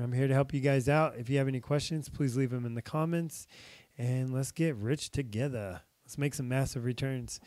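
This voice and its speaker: A man's voice: medium pitch, moderate pace, darkish tone, no echo. A young man hosting a casual trading tutorial, talking through charts with many fillers while he is losing his voice. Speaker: crypto trading channel host.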